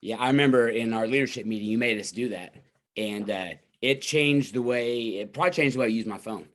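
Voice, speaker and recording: A man's voice: mid-range voice, a little fast. A man hosting a podcast, chatting casually and enthusiastically with his guest. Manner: enthusiastic, complimentary. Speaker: podcast host. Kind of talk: casual interview chat.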